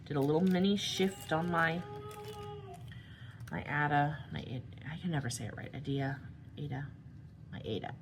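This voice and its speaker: A young adult woman chatting casually while she crafts, tired and rambling, with yawns and soft asides. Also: deep voice, background noise. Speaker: crafting vlogger.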